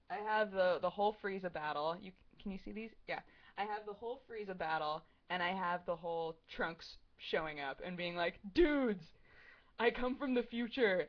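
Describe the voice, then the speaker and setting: A woman in her twenties talks casually to her stream chat, rambling and giggling, with "like" and "um" scattered all through. Her voice sits a little low for a woman. The sound is dull and lo-fi, like a home webcam stream. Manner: rambling, giggly, heavy use of "like" and "um". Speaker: streamer answering chat questions.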